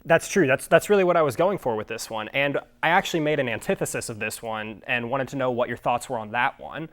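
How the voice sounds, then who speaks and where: A man's voice: medium pitch, fast, fairly bright tone. A young man hosting a mock talk show, speaking hesitantly with stammers and dry politeness. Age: young adult. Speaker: host.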